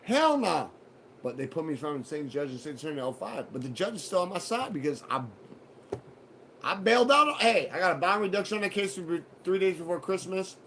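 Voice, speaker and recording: Profane storytelling man with a high voice. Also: quick pace, a little hiss or hum. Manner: profane, animated retelling with acted quotes. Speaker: show host telling a personal story. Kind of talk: casual storytelling.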